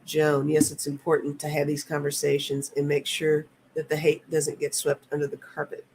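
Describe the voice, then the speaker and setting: A woman in her fifties hosting a live tarot stream, talking in a halting, earnest way and reading viewer comments aloud. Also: deep voice, monotone, noisy background. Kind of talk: casual live-stream chat.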